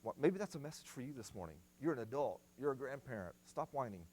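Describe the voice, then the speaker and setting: Middle-aged male preacher, sermon delivery, emphatic repeated commands, very animated pitch. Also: quick pace, breathy edge. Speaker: guest speaker at family seminar. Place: church.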